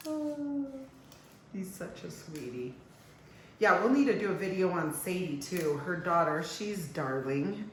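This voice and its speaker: A woman's voice: fairly low pitch, a little hiss or hum. A woman hairstylist giving a casual haircut tutorial, chatting and cooing in baby talk to a toddler as she works. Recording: roomy room echo.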